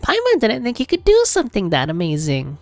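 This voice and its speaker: A man voicing a tiny, excitable female fairy companion in a high, squeaky voice while reading a video game aloud. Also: a little fast, dry recording, heavily acted. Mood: surprised.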